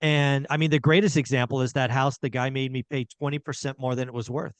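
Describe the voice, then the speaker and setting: A man's voice: mid-range voice, fairly even intonation, a little fast, no echo. A middle-aged man hosting a podcast, talking casually and emphatically and repeating his key points. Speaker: podcast host. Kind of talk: casual real estate chat.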